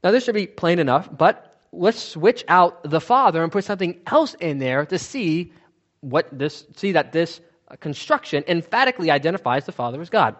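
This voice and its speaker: A man's voice: on the high side, big pitch swings, moderate pace, a bit bright, dull audio. A man teaching from the Bible in a sermon, asking questions and answering them himself, stressing key words.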